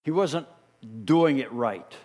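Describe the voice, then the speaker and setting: A middle-aged man preaching a sermon as a pastor, telling the story in an animated way and acting out the voices he quotes. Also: on the high side, slow pace. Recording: long reverb of a large hall.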